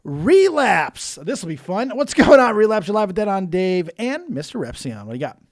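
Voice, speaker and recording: A man with a high, light voice co-hosts a live call-in stream, teasing guests and laughing easily. His sound is close and dry, with no room around it. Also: sing-song, moderate pace, no echo. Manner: joking, teasing, laughs often. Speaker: live stream co-host taking callers. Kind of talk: casual live-stream chat.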